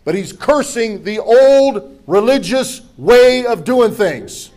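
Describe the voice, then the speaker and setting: Man, middle-aged, pastor, sermon, high-pitched, call-and-response, humorous asides. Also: expressive, slow pace. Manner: preaching with call-and-response to the congregation; humorous asides, rises to forceful declarations.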